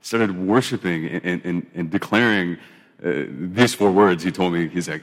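A man in his thirties preaching a sermon in a relaxed, conversational way, often restarting his phrases. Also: low-pitched, normal speed, big-room sound. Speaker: pastor.

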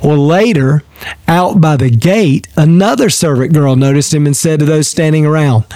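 A male pastor giving a daily devotional, reading scripture and teaching in an earnest, measured way with repeated phrases. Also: fairly high pitch, warm tone, no room sound.

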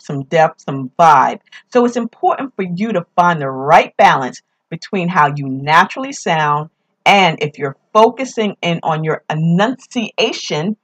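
Upbeat New York woman hosting a podcast. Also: lowish voice. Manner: upbeat, emphatic, repeats key phrases. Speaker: podcast host. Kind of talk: casual podcast tips.

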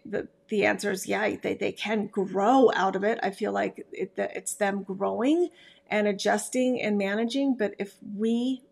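A woman's voice: mid-range voice, gravelly. A woman who hosts a podcast as a dog trainer, giving casual advice in a chatty, emphatic way with frequent restarts.

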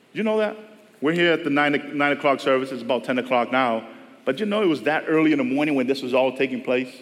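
Fairly high-pitched and fairly bright in tone, a male pastor delivers a conversational sermon to a church service, mimicking the voices of those he quotes. The sound carries the long reverb of a church hall.

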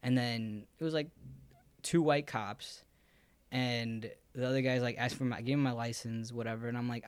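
Here a young man with a medium-pitched, clean voice speaks at a moderate pace, recorded with no room sound. It's a laid-back podcast conversation where he wanders from point to point and fills the gaps with lots of fillers.

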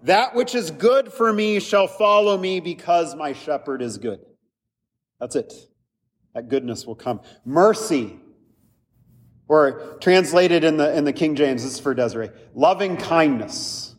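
A man preaching a sermon as a pastor, earnest and conversational, often checking in with his listeners with quick asides. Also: on the high side, expressive, big-room sound.

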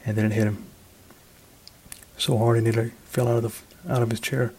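A man, an author, reading his short story aloud in a measured, even manner. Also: mid-range voice, a little hiss or hum, low-quality recording.

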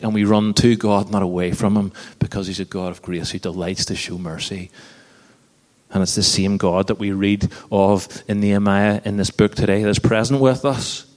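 A man in his thirties preaching a sermon in an earnest, conversational way, with self-deprecating stories. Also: on the low side. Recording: long hall reverb.

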